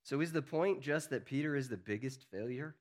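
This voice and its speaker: A male pastor delivers a brisk, earnest sermon that builds to emphatic peaks, then drops low and quiet.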